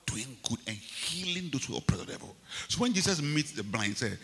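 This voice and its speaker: Ghanaian male preacher, piercing bright tone, repeating refrains up to shouts, long hall reverb with music behind. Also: sing-song, a little fast, creaky, hardly any pauses. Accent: Ghanaian English. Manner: swings from low murmurs to shouted climaxes, repeats phrases. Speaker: bishop preaching. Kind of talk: sermon. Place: large church hall.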